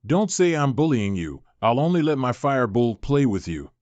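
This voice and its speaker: A man voicing an arrogant, mocking male clan bully in a manhwa recap, read in a flat, even way. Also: medium pitch, moderate pace, no room sound, muffled recording, close to an everyday voice.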